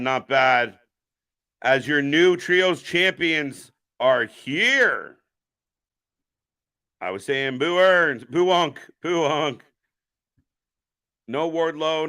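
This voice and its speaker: Brief: male stream host, bright tone, rambling and profane, reads chat aloud. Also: medium pitch, smooth. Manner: profane, rambling, jokey, chats with viewers. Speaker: live stream host reacting to wrestling. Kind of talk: casual live commentary reading chat.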